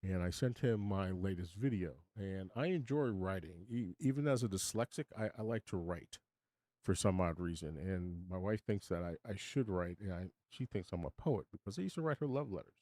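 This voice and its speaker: A man's voice: low-pitched, lively intonation, normal speed, dark tone, no echo. A man in his sixties hosting a casual livestream from his home studio, chatting with viewers in a rambling, self-deprecating way. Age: 60s. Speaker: livestream host.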